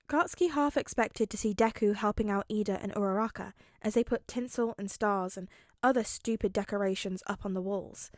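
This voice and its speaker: A woman's voice: mid-range voice, no echo, studio quality. A woman narrating a fan-fiction story as an audiobook, reading expressively. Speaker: fanfic audiobook reader.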